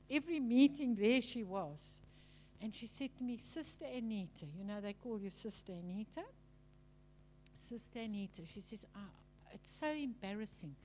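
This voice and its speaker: High-voiced woman preacher. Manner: chatty, animated storytelling with mimicry. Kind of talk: teaching sermon.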